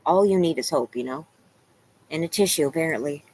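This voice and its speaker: A woman's voice: low-pitched, a little fast, a little mellow, slight background noise, rough recording. A woman around forty-two, tearful and candid, rambling in a casual vlog with some swearing. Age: 40s. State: crying. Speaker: vlogger. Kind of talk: emotional casual vlog talk, reading chat.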